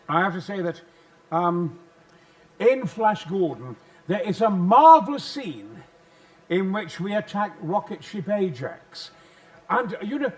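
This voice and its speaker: Older Yorkshire man, actor guest, high lively bellowing voice, theatrical storyteller. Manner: booming, theatrical, bursts into roaring shouts. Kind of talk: animated anecdote telling.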